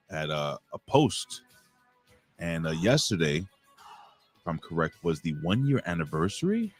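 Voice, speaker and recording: Low-voiced profane wrestling show host. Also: male voice. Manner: profane, rambling, shouts out chat viewers. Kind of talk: casual live-stream chat.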